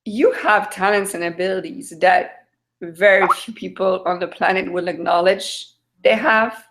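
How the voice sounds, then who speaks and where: A French woman hosts a casual chat over a video call, her voice sitting at an ordinary middle pitch. She is chatty and questioning and often restarts her sentences as she talks. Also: fairly even intonation, unhurried, vocal fry, a bit bright. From France. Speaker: host.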